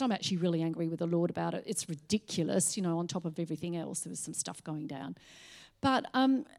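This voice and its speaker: A woman's voice: mid-range voice, warm tone. Frank, chatty woman testifying. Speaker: church member giving testimony. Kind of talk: personal testimony. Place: church stage.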